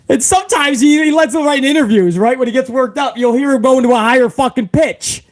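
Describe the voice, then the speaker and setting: A man's voice: very high-pitched, fast talker, few pauses. A man hosting a casual live stream, reading out viewer comments and ranting with a lot of profanity, calling everyone bro.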